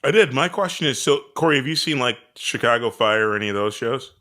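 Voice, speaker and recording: A man's voice: medium pitch, expressive, fast, pushed and bright. A man co-hosting a podcast, eagerly pressing his questions in a casual chat. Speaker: podcast co-host.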